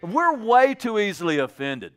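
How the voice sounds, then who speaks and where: A pastor preaches a sermon in a church, conversational and animated, acting out little dialogues with the congregation. His voice is high-pitched and his speed is normal.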